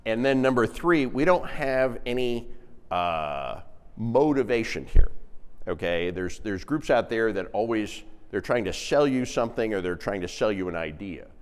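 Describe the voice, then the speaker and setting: Male presenter, low lively voice, hall reverb, jokey market talk. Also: moderate pace, smooth. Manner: animated, jokey, repeats figures for emphasis. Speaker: real estate investing presenter.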